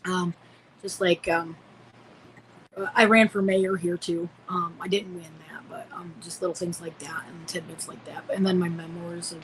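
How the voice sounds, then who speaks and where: A woman's voice: lowish voice, little pitch movement, moderate pace, a little hiss or hum, rough recording. A woman in her forties from Illinois, a podcast guest telling personal stories in a rambling way, full of fillers and restarts. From Illinois, United States. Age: 40s. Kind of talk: casual storytelling interview.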